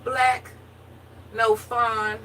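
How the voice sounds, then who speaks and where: High, very bright woman host, playful banter, a bit far from the mic with faint noise. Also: level tone, very slow. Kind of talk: casual chat with viewers.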